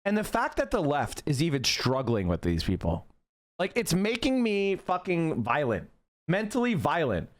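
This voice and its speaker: A man ranting angrily in political commentary, profane, dropping to a mutter and then shouting. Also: on the high side, wildly swooping pitch, moderate pace.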